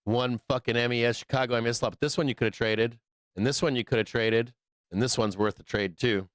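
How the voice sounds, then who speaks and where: Brief: male livestream host, excitable and profane, mid-pitched, dry close mic. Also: fast talker, smooth, no echo. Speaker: livestream trading show host. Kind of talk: casual livestream chat.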